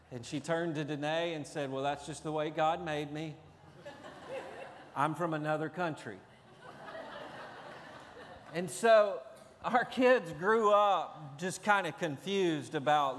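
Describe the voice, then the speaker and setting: A man from Tennessee, a pastor, preaching a sermon that moves from family stories to emphatic preaching. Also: on the high side. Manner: storytelling, builds to emphatic preaching. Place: large church sanctuary. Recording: long hall reverb.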